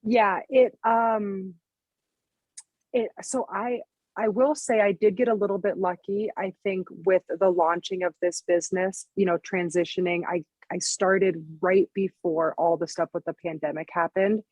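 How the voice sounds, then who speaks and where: A woman's voice: medium pitch, steady tone, darkish tone, dry recording. A woman in her thirties, a fitness coach and business owner, talking casually as a podcast guest and filling her speech with "like" and "you know". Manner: chatty, lots of "like" and "you know", quick laughs.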